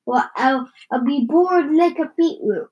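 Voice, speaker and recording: A woman voicing a cranky, bossy old grandmother who shouts and scolds, read aloud slowly from a storybook. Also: sits high, lively intonation, highs cut off, voice pushed up. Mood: panicked.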